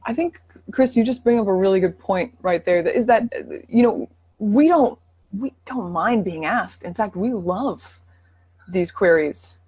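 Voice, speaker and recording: A woman's voice: mid-range voice, lively intonation, a little slow, a little mellow, breathy edge, dry recording. Female guest coach on a live Q&A; affirming, explains through analogies; dry, close recording. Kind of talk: live online Q&A.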